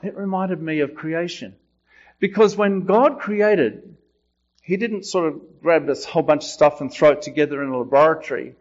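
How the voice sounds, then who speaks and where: A man preaching a sermon with slow, emphatic delivery, his voice rising when he quotes. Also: on the high side, muffled recording. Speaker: pastor.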